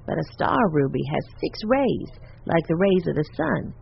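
A friendly woman gem collector, as a male narrator puts her on, chatty and eager to explain. Her voice rises and falls a lot and sounds a little breathy. The recording sounds dull and lo-fi. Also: on the high side, big pitch swings, normal speed, heavily acted.

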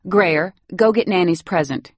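A woman voicing a cool, proper wealthy mother who talks briskly and politely. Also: on the low side, animated, no echo, voice pushed up. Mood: prim.

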